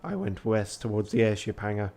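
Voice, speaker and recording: A man's voice: on the low side, animated, brisk, a little mellow. A tired man reading a text adventure aloud late at night on a charity stream, with joking asides.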